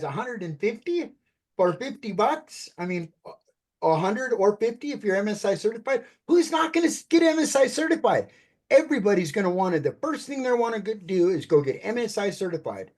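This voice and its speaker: Brief: male presenter, upbeat pitch voice, talks straight to the team, video-call sound. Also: animated, brisk, darkish tone. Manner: upbeat, keeps addressing listeners as "you guys". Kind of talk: enthusiastic sales pitch.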